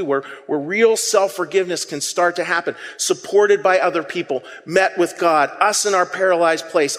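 An animated male pastor preaching with a fairly high voice. He talks to the congregation in a conversational way and gets them to call phrases back. His voice rings with the long reverb of a church hall. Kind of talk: sermon.

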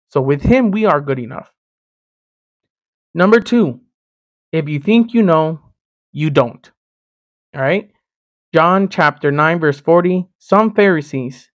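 A man from Miami hosting a sermon-style podcast, teaching in an emphatic, animated way and speaking straight to the listener. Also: on the high side, no echo. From Miami, Florida. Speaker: podcast host and preacher.

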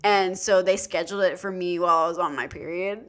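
A woman's voice: fairly low pitch, brisk. A young woman co-hosting a podcast, telling a travel story in casual chat and acting out the voices of people she met. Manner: animated storyteller, acts out quoted voices. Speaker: podcast co-host.

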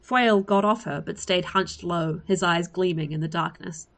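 A woman reading a fantasy story aloud in a lively way. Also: lowish voice, normal speed. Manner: lively, laughs at the story between passages. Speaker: story reader.

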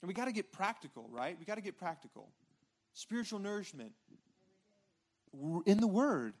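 A man with a notably high-pitched voice preaches in a loose, chatty way, tossing a quick "right?" to his listeners between points. He stumbles and repeats words as he thinks aloud on a church stage. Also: big pitch swings. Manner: informal, repeats words and restarts, frequent "right?" checks with congregation. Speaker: pastor. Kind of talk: conversational sermon. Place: church stage before a responding congregation.

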